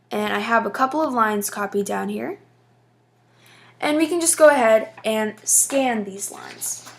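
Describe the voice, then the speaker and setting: A woman's voice: fairly high pitch, fairly bright tone. A woman teaching a lesson, explaining patiently step by step with frequent fillers. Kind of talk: casual classroom explanation.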